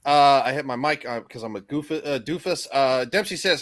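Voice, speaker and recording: A man's voice: medium pitch, normal speed, a bit bright. A man hosting a casual stream chat, reading chat messages aloud with a jokey manner and frequent fillers. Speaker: host.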